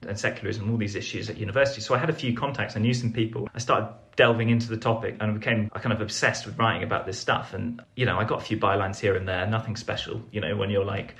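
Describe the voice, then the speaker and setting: A man's voice: fairly low pitch, fairly bright tone. A young man telling a rambling, self-deprecating story as a podcast guest, full of fillers and restarts. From England. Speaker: podcast guest, foreign correspondent. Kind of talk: casual storytelling interview.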